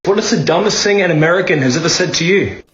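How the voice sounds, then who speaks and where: Male interviewer, high and quick, echoey muffled recording. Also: a crowd in the background. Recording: roomy, dull lo-fi sound.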